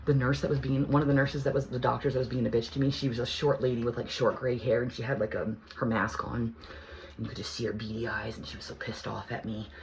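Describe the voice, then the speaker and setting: A woman vlogger telling a personal story in a heated, profane, rambling way. She keeps restarting her sentences and swings between hushed asides and near shouting. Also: a bass voice, level tone, quick pace, slight background noise, poor audio. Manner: rambling with many restarts and fillers.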